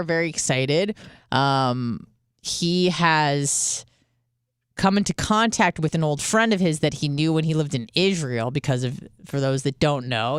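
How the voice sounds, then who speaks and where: A woman's voice: deep voice, clear, resonant tone, dry recording, clean studio sound. A woman in her thirties from the United States hosting a radio show, telling rambling stories with lots of swearing and quoted asides. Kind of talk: casual radio monologue.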